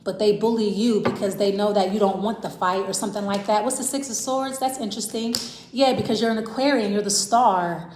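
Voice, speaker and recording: A woman's voice: medium pitch, fairly even intonation, fairly quick, a little mellow, a little hiss or hum. A woman giving a casual tarot reading to camera, rambling and repeating herself as she talks straight to the viewer. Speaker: tarot reader. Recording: roomy echo.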